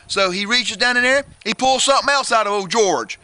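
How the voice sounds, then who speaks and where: A man's voice: sits high, quick pace, hardly any pauses, sharp tone, slight background noise. A man giving a playful booktalk to children, addressing them directly and building suspense. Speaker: children's book reviewer.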